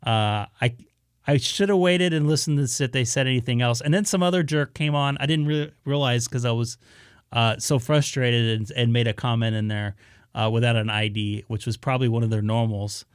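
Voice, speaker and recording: A man's voice: medium pitch, a little fast, smooth, no echo, studio quality. Easygoing man rambling on a live stream. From Southern California. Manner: rambling, many "uh" fillers, easygoing. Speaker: ham radio live streamer. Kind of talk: casual live-stream chat to viewers.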